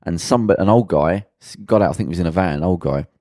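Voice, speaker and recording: A deep-voiced man rants excitably on a podcast, swearing and laughing along. The sound is close and dry. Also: very fast, dry recording. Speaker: podcast co-host. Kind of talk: casual banter.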